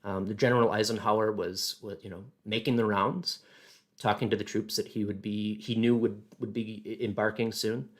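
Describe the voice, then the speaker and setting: A man presenting a casual history talk, halting and thinking aloud with many fillers. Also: fairly low pitch, flat delivery.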